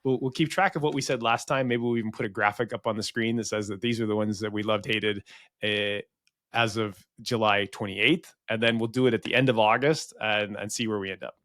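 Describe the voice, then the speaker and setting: A man's voice: lowish voice, steady tone, fairly quick, a bit bright, no echo, clean studio sound. An American man co-hosting a podcast, talking frankly in casual chat, swearing now and then and often restarting his sentences. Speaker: podcast co-host.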